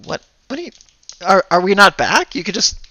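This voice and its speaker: A man narrating a tabletop game as game master, halting and thinking aloud as he goes. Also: sits high, very animated, bright, forceful tone.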